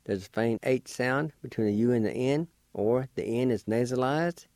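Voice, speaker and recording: A man teaching a radio language lesson, spelling out and sounding each word slowly and carefully, in a patient, encouraging way. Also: medium pitch, a little mellow, no room sound.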